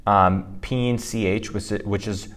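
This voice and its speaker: A male language teacher co-hosting a casual instructional podcast talks at a measured pace with a steady tone, his lowish voice slightly bright. He covers pronunciation in a loose way, with fillers and restarts.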